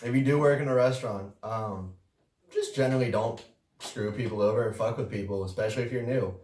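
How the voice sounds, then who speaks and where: A man with a low voice spins a story in an easygoing, profane, chuckling way, like a podcast co-host chatting with friends. He sits some distance from the mic in a roomy space, so his voice carries a noticeable echo. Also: a little fast, a little mellow, slight background noise. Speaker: podcast co-host, restaurant worker. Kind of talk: casual storytelling chat.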